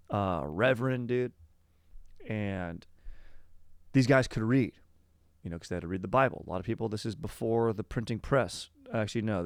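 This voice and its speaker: A man's voice: medium pitch, vocal fry, no room sound, studio quality. A young man hosting a podcast, talking about history in a rambling, casual way. He is slangy and laid-back, says "dude" all the time and drifts off topic. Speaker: podcast host.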